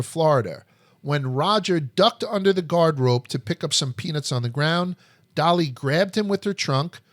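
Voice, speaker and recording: A man's voice: on the high side, a bit bright, no echo, studio quality. A man hosting a history podcast, telling stories in a blunt, profane, joking way. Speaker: podcast host. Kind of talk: casual history chat.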